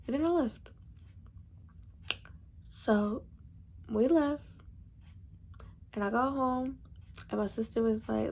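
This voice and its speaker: A woman's voice: a little high, slow pace, vocal fry, long pauses, a little mellow. A young woman, telling a storytime vlog to her viewers in a slangy, chatty way. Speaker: vlogger.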